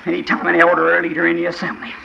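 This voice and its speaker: A man preaching a sermon to a congregation, fervent, dropping to quiet asides and then crying out in shouts, with questions thrown to the listeners. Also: fairly high pitch, completely flat delivery, rapid-fire, vocal fry, muffled recording, a little hiss or hum.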